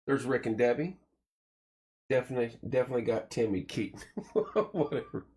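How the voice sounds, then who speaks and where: A man's voice: mid-range voice, a little fast. A man hosting a casual morning live stream from a small studio room, greeting viewers by name and reading sponsor plugs in a folksy, joking way.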